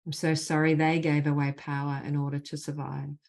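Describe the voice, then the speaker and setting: Woman, low voice, spiritual mentor on a video call, guides slow repeated healing phrases. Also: little pitch movement, gravelly, darkish tone. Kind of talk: guided clearing session with spoken healing phrases.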